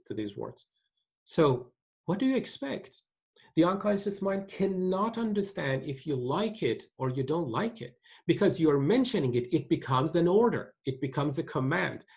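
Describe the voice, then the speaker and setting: A man teaching a webinar in an earnest, explaining manner, pitch sitting a little high for a man. His voice swings widely up and down as he stresses points, often restarting and repeating himself. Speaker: webinar presenter.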